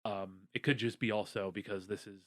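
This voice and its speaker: A man's voice: lowish voice, fairly even intonation, brisk. A man co-hosting a podcast, walking through a movie plot casually with jokes and a wry tone. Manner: joking, wry storyteller, many "um"s. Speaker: podcast co-host. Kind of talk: casual movie recap chat.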